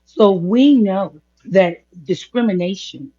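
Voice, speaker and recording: A woman's voice: medium pitch, dark tone. A woman co-hosting a podcast discussion, laying out her points one by one and stopping to clarify what she means. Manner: measured, enumerating points, insists on clarifying. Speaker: co-host. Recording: dull lo-fi sound.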